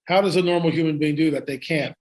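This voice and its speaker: A man speaks high in his register as he recounts a story for an interviewer. He talks excitedly, doubling back and restarting his sentences as he goes. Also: fast talker. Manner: excited, with frequent restarts and asides. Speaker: guest.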